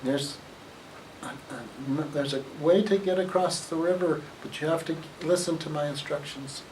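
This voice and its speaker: A woman's voice: sits low, normal speed, a little mellow, lightly acted. A woman voicing a tall stork who helps travelers across a river and gives careful instructions. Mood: instructive. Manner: plain, instructive storytelling. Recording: distant mic, faint noise.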